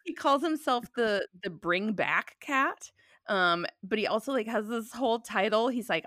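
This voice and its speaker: A woman in her thirties hosting a podcast, telling stories quickly and playfully. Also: a little high, no room sound, clean studio sound. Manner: quick, animated storyteller, playful. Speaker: podcast host. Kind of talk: casual chat.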